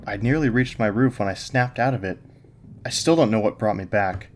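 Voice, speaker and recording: Low-voiced man narrating horror. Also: a little fast, slight background noise. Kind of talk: scripted first-person horror narration.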